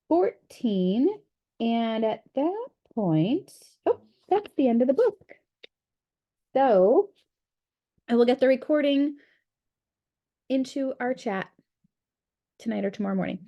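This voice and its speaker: A woman's voice: on the high side, lo-fi sound. A woman leading a book study group over a video call, talking in a chatty, candid way with frequent fillers. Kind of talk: casual group discussion.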